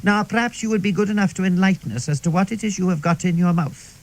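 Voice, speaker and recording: A man's voice: sits high, darkish tone. A man putting on a strict, prim older female schoolteacher in a radio comedy monologue. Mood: stern. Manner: prim and clipped, quickly shrieking.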